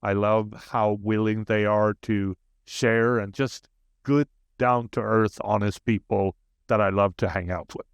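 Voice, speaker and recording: A man's voice: lowish voice, steady tone, measured pace, clean tone, dry recording. A man from Sweden with a Swedish accent, a guest speaking in a humble, earnest way in a casual interview. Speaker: podcast guest.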